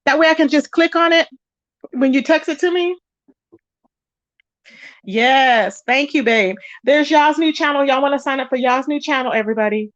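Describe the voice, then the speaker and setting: A high-voiced woman hosts a casual gossip livestream, chatty and animated as she greets viewers by name. Her voice sounds dull and lo-fi in a dry, close space. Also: moderate pace, long pauses, dry recording. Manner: animated, pitch jumps up when excited. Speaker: live-stream gossip host. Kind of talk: casual live-stream chat.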